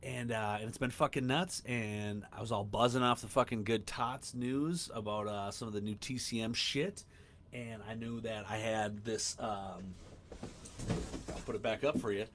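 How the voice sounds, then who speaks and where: Excitable, profane man rambling on a podcast. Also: lowish voice, normal speed, a little hiss or hum. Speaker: podcast host. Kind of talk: casual solo podcast chat. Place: home room.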